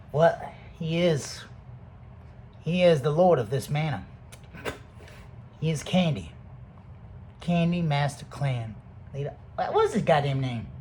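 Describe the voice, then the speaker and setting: A man rambling through a profane, casual monologue to the camera, jumping between loud outbursts and soft mutters. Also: on the high side, a little hiss or hum.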